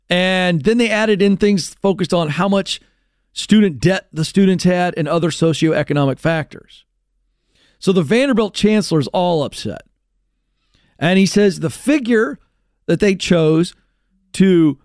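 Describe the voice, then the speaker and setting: Male talk-show host, high animated voice, sarcastic rant, dry studio mic. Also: dry recording. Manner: sarcastic and ranting, big swings in pitch. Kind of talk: sarcastic opinion monologue. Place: radio studio.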